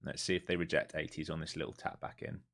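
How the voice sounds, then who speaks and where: A man streaming live as a day trader, giving running commentary to viewers, dropping to mutters and then rising into excited bursts. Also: very deep voice, quick pace.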